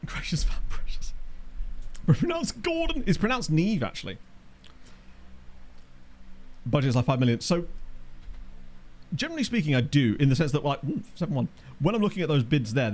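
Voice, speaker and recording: Man, streamer, casual live commentary, jokey, rambling, lively up-and-down pitch, mid-range voice. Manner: rambling, jokey, reacts to chat. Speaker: streamer playing a football management game. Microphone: desk microphone.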